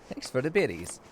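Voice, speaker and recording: A man's voice: high-pitched, darkish tone. A man streaming a game, joking crudely and laughing often in casual commentary.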